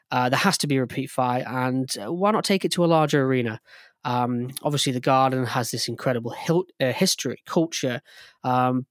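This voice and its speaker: A man co-hosting a casual sports podcast, excitable and rambling, full of ums and restarts. His voice sits at an ordinary mid pitch, recorded close and dry with no room sound. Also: dry recording. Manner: enthusiastic, rambling with many fillers and restarts. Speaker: podcast co-host.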